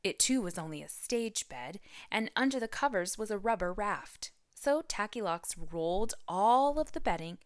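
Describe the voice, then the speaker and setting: A woman's voice: mid-range voice, normal speed, no room sound. A teacher reads a children's story aloud in a close, dry recording. Her woman's voice swoops up and down with lots of animation. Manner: expressive storytelling. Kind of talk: reading a picture book aloud.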